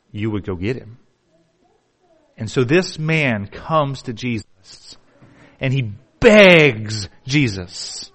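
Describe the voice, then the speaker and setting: A male pastor, preaching a sermon with drama, dropping to hushed tones and then building to emphatic repetition. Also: mid-range voice. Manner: dramatic, shifts from hushed to emphatic, repeats words.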